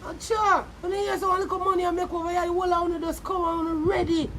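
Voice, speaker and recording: A woman's voice: very high voice, little pitch movement, quick pace, a bit bright, slight background noise. A Jamaican woman vlogger ranting with heated, mocking, cursing insults aimed at a rival. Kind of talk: angry insult rant to camera.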